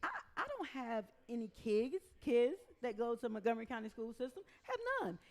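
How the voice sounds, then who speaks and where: Woman, elected official, animated storyteller, high voice. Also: a little fast. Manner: animated storyteller, laughs at herself. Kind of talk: casual political discussion.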